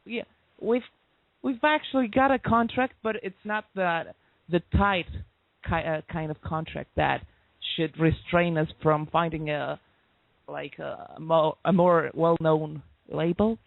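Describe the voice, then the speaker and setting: A musician guest from Greece with a slightly high, gravelly voice, laughing often and reaching for his English words. The call sounds dry and tinny, like a phone line. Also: fairly even intonation, measured pace, no echo. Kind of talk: interview over a call.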